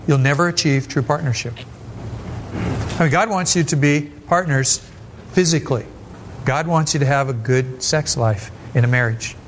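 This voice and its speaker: An older man in his seventies preaches a sermon in a blunt, storytelling way, his voice sitting at a plain middle pitch. He tosses in quick asides and lifts his voice for emphasis. A faint noise hums under the recording. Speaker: pastor.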